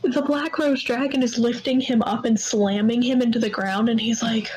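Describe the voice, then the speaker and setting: Animated swearing young woman storyteller. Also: fairly high pitch, normal speed, few pauses, slight background noise, poor audio. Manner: animated storyteller, swears and acts out scenes in quoted voices. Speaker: podcast co-host. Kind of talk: casual chat.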